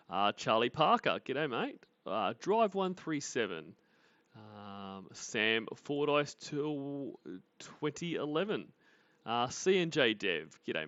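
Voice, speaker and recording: A man's voice: medium pitch, fairly bright tone, dry recording, muffled recording. A man hosting a livestream, chatting casually with viewers and teasing them with dry sarcasm. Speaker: livestream host. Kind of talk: casual chat greeting viewers.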